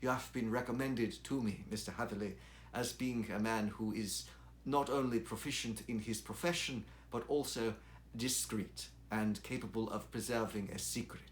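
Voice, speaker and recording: A man reading the part of a secretive, suspicious, gaunt colonel, his voice dropping low and slow on hushed matters. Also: fairly even intonation, slight background noise, natural voice. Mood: guarded.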